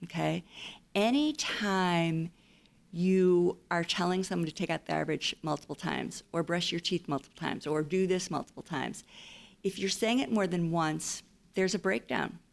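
A woman's voice: fairly low pitch, moderate pace, gravelly. A woman counselor giving advice in a casual interview, explaining her points with playful acted-out quotes.

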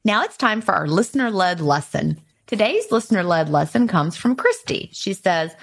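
Gravelly-voiced woman podcast host. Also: medium pitch, very animated, normal speed, few pauses. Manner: warm-hearted wrap-up, reading listener tips aloud. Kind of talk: casual chat.

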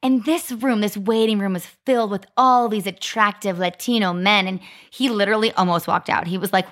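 A woman's voice: medium pitch, fairly quick, hardly any pauses. Chatty woman in her thirties telling a story. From Arizona, US. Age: 30s. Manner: chatty, lots of "like" fillers, animated retelling. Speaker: podcast co-host. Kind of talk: casual chat, storytelling.

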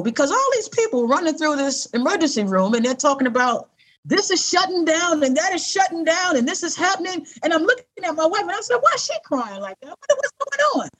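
Animated middle-aged woman telling her story. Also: high-pitched. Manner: animated, acts out quoted voices; earnest, conversational. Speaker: interview guest. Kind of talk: personal storytelling.

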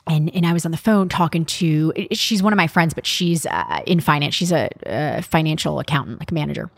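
A young adult woman hosts a podcast, chatting candidly and casually, swearing freely and using lots of fillers. Her low voice is brisk and creaky with lively intonation, captured as clean studio sound with no echo.

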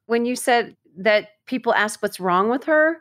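Animated woman co-hosting an advice chat. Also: unhurried. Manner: animated, acts out quoted speech in a higher voice.

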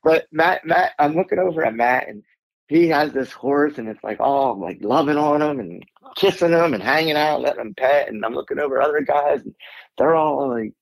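Middle-aged guy, veteran, gravelly husky voice, dry close sound, tells his story all animated. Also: a little high, a little fast, no room sound, low-quality recording. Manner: animated, acts out his own lines, laughs through emotion. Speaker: guest, Air Force veteran. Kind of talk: emotional storytelling in a casual interview.

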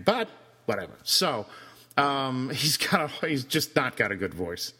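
A man co-hosting a podcast, chatting casually about a film, animated and teasing, laughing often. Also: medium pitch, normal speed, slightly rough, big-room sound. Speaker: podcast co-host.

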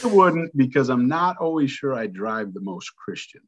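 A man's voice: medium pitch, very animated, normal speed, a bit bright, lo-fi sound. A man from Iowa hosting a podcast, chatting casually, joking and reacting with short agreements. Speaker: podcast host. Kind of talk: casual chat.

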